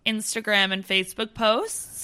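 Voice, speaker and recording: A Canadian woman co-hosting a podcast in casual chat, playful and quick to laugh. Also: medium pitch, fairly even intonation, pushed and bright, smooth. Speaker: podcast co-host.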